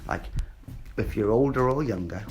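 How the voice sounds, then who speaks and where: A man's voice: on the low side, lively intonation, moderate pace, darkish tone, a little hiss or hum. A man, ranting in a rambling, sweary monologue and repeating himself. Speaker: vlogger.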